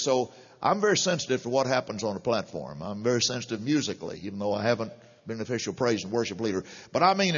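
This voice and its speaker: A middle-aged man preaching a sermon, animated and chuckling between points. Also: mid-range voice, husky, in a large hall. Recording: dull lo-fi sermon recording.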